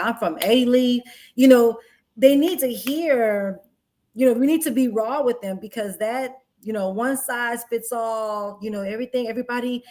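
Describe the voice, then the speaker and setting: Woman podcast host, higher voice, thinks out loud while asking stuff. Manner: reflective, asks long searching questions. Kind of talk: casual interview questions.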